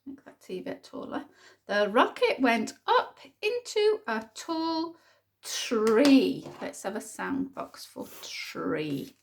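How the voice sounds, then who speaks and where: A woman teaches a phonics writing lesson for small children, sounding out each word and thinking aloud. Her pace is very slow and deliberate, and her pitch rises and falls in a lively way. A gravelly edge runs through her voice. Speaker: primary school teacher.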